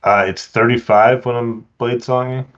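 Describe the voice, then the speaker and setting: A man's voice: medium pitch, steady tone, moderate pace, fairly bright tone, highs cut off, soft background music. A man playing a tabletop game, hesitantly checking rules before he acts. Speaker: player.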